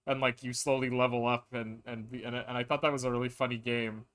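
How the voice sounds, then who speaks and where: Game music plays in the background as a man rambles through casual stream chat, restarting often and leaning on filler words. He talks briskly in a smooth, fairly bright mid-range voice with little pitch movement.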